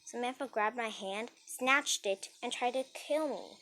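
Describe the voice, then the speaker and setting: A woman's voice: on the high side, unhurried, sharp tone, faint music behind. A woman telling a casual storytime tale, rambling and breathless as she goes.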